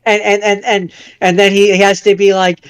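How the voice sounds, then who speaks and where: Smooth, higher-voiced male co-host. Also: flat delivery, normal speed, fairly bright tone, no echo. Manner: speculative, repeats words as he thinks aloud. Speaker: podcast co-host. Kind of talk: casual chat.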